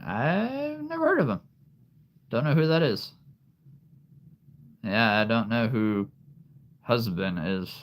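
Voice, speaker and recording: A man hosting a live stream, chatting casually with viewers, laughing often and answering their questions. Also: on the low side. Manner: laughs often, easygoing, reads and answers chat. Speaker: livestream host.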